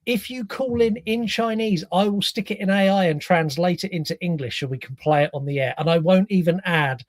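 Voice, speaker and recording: A man's voice: high voice, a little fast, dry recording, clean studio sound. A man co-hosting a podcast, chatting casually about a film and acting out his reactions as he tells it. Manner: animated storyteller, acts out reactions. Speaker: podcast co-host.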